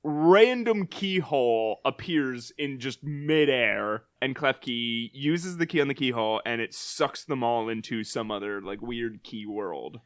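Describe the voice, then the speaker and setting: A man's voice: medium pitch, measured pace, hardly any pauses. A man on a casual comedy podcast, retelling a cartoon plot with lots of laughter. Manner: animated, laughs often while retelling scenes. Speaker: podcast co-host.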